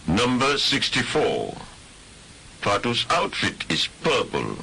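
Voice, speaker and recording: A man reading out numbered items on a listening test in a slow, deliberate way. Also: mid-range voice, wildly swooping pitch, gravelly, sharp tone, slightly rough. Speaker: test recording announcer. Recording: hissy recording.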